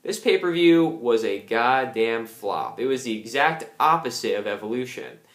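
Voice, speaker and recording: A man's voice: mid-range voice, expressive, normal speed. Angry young man ranting in a roomy echo. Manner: angry, ranting, swears a lot. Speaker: wrestling reviewer. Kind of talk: casual ranting review.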